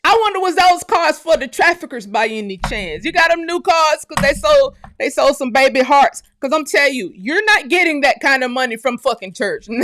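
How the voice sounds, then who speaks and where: High-voiced, outspoken woman reacting. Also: a bit bright, no echo, clean studio sound. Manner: exclaiming, laughing, loose and outspoken. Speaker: channel host. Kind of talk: casual reaction commentary.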